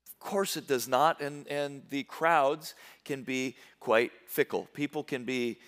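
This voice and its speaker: A man preaching a sermon as pastor, swinging from hushed low lines to loud bursts and often repeating words as he goes. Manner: stumbles into quick word repeats.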